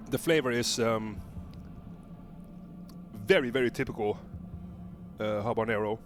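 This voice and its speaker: A man tasting a hot pepper on camera and talking it through casually, halting with lots of fillers and restarts. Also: lowish voice, background noise. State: gasping and coughing from pepper heat. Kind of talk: casual vlog commentary.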